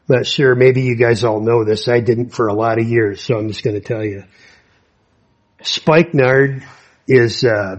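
A man preaching a sermon to young people, unhurried, with folksy asides and many fillers. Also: mid-range voice, muffled recording.

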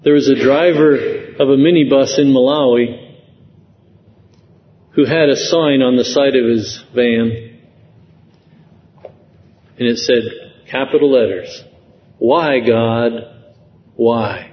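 Slow, earnest preacher in a reverberant hall. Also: male voice, mid-range voice, a little hiss or hum. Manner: slow, earnest preaching with rising emotional emphasis. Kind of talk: sermon. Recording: dull lo-fi sound with long hall reverb.

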